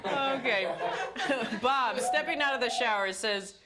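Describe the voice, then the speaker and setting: A woman's voice: on the high side, takes it slowly, very noisy. A woman hosting a party word game on a TV show, reading prompts aloud and laughing often. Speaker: host. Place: TV studio with guests.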